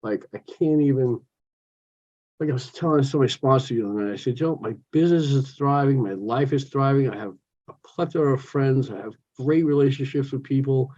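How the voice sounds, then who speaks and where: A man's voice: mid-range voice, brisk, darkish tone. Outspoken older New man, lo-fi. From New York. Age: 60s. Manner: outspoken, jokey, talks with his hands of stories and asides. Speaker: recovery meeting speaker. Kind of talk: personal share at a recovery meeting. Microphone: phone.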